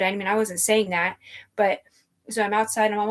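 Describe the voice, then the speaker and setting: A woman's voice: medium pitch, little pitch movement, fairly quick. A woman telling a long personal story in a rambling, tangential way, swearing freely and piling up fillers and asides. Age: adult.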